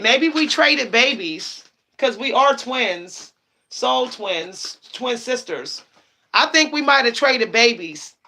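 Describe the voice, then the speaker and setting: Chatty bright-voiced woman livestreaming. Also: fairly high pitch. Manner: chatty, laughing often, emphatic repetitions. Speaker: psychic livestream host. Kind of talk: casual livestream chat.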